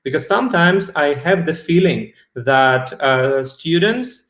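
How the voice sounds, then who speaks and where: A man hosting a casual interview, asking thoughtful questions at an unhurried pace, with pauses to search for words. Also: on the high side, expressive, fairly bright tone. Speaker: interview host and harpist. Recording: roomy echo.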